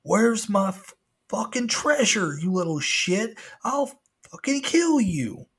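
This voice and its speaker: A man's voice: high voice, sing-song, slow, a bit bright, breathy edge, voice pushed up, heavily acted. A man voicing a huge, furious animatronic pirate who bellows cursing threats. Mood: raging.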